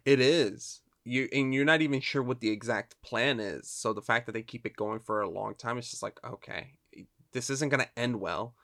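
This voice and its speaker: A man's voice: medium pitch, moderate pace, gravelly, a bit bright. A man co-hosting a casual film podcast, giving emphatic opinions and incredulous reactions.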